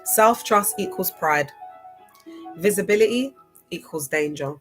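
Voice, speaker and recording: A woman's voice: lowish voice, animated, measured pace, over music. A woman hosting a casual livestream, chatty and laughing often, spelling out some words. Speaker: livestream host.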